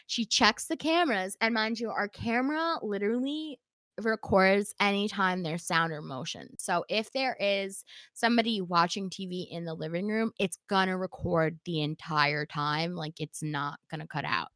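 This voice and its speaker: A woman's voice: medium pitch, moderate pace, dry recording, studio quality. Chatty woman telling a story. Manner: animated, acts out quoted dialogue, many "like" fillers. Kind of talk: casual storytelling.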